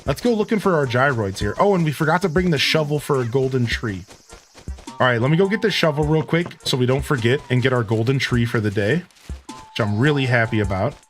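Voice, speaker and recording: A man's voice: mid-range voice, animated, fairly quick, faint music behind. A man streaming a retro video game, chatting casually and joking with viewers as he plays. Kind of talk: casual gameplay commentary.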